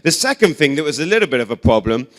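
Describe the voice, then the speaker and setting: A man's voice: fairly high pitch, fast talker. A young English man preaching in a casual, chatty way. He tells humorous stories with lots of "like" and "um" and pokes fun at himself. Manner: chatty, self-deprecating, animated storyteller with many "like"s and "um"s. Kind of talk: casual storytelling sermon.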